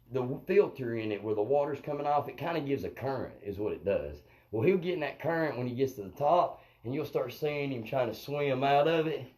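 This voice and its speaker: Rough audio from a phone or webcam catches a man with a medium-pitched, darkish voice. He's a comedian running a live stream, rambling through profane jokes and constantly checking on viewers with "you know what I mean."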